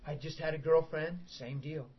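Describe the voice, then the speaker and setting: A middle-aged man preaching a sermon, telling stories in an animated way with bursts of shouting and laughter. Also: fairly high pitch, moderate pace, breathy edge. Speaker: pastor. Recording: dull lo-fi sound.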